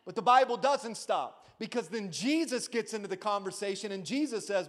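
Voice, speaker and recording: A man preaching an Easter sermon to a church congregation, calling out to the crowd for a response and swinging between shouted lines and hushed ones. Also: sits high, moderate pace. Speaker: pastor. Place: church service before a congregation.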